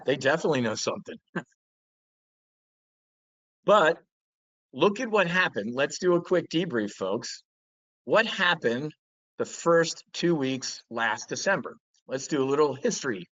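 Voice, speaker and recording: A man's voice: mid-range voice, bright, forceful tone, dry recording, dull audio. A man hosting a trading show, delivering blunt, profane market commentary with mocking impressions.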